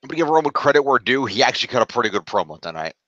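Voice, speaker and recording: A man's voice: mid-range voice, big pitch swings, rapid-fire, a bit bright, no room sound. Blunt, foul-mouthed podcast man. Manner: blunt, swears freely. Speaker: podcast co-host. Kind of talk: casual chat. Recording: dull lo-fi dry sound.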